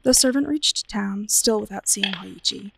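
A woman librarian reads a spooky tale aloud, shaping each line with drama. Her mid-pitched voice carries a gravelly edge. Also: unhurried, noisy background. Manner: expressive, dramatic storytelling. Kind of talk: storybook reading aloud.

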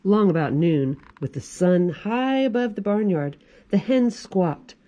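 Children's librarian, woman, forties: storytime reader, animated, chatty with kids. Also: medium pitch, a little slow, dull audio. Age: 40s. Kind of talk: reading a picture book aloud to children.

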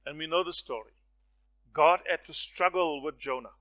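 A man delivers a sermon in a bright, forceful voice pitched a little high. He drops to near-hushed phrases, then rises to loud, ringing declarations. He tells his stories with acted voices. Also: moderate pace, dull audio. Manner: dramatic swings from soft to loud. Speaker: preacher.

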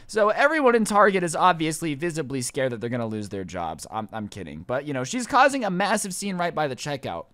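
Bright-voiced young man telling stories. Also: on the high side, a little fast, few pauses, no room sound. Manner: rambling, animated and sarcastic. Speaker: YouTuber host. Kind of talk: comedic storytime vlog.

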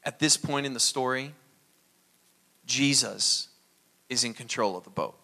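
A man preaching a sermon as pastor, animated and acting out little dialogues. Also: mid-range voice, a little slow, gravelly.

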